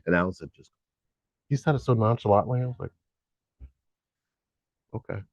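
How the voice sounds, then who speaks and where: A middle-aged man co-hosting a live stream, chatting casually, animated and joking, swearing now and then. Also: on the low side, rapid-fire, no echo, lo-fi sound. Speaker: co-host.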